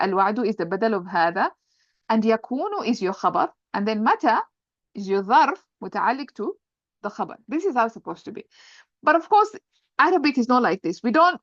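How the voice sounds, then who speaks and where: A woman's voice: a little high, no room sound, muffled recording. A woman teaching an Arabic grammar lesson, patiently explaining step by step and often checking with "right?". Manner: patient, repeats points, checks understanding with "right?".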